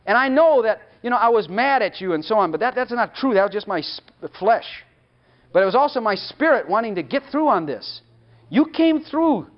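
High-pitched man preaching with lively swings. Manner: emphatic, rhetorical questions, acts out God's voice. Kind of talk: sermon. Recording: dull lo-fi recording.

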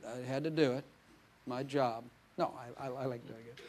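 A man's voice: mid-range voice, fairly even intonation, fairly quick, husky. A male pastor preaching a casual, conversational sermon, telling stories with quoted dialogue and laughing often.

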